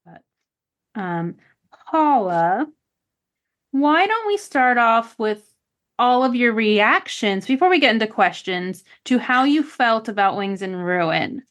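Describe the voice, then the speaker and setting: Slow-talking woman leading a chat. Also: on the high side, sing-song, a bit bright. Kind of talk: casual chat.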